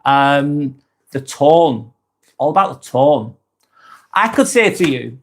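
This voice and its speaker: A man's voice: a little high, sing-song, slow, long pauses. A man giving casual advice to camera, rambling and often repeating himself or restarting his sentences. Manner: uses mate in chatty address. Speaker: self-help video host.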